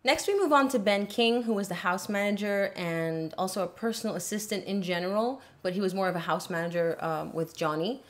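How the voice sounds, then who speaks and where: A woman hosting a casual commentary recap of a court trial, talking in an animated way and acting out the quotes she retells. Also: mid-range voice, brisk, few pauses. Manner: animated, acts out quoted lines.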